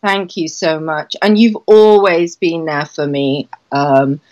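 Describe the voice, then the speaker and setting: A woman with an English accent, a guest speaking gratefully and softly. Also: low-pitched, steady tone, slow pace, muffled recording. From England.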